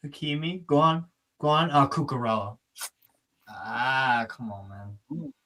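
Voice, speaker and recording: Co-host for a live football watchalong, terse reactions, lively pitch. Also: takes it slowly. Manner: short bursts of reaction, calls out player names. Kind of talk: live match watchalong commentary.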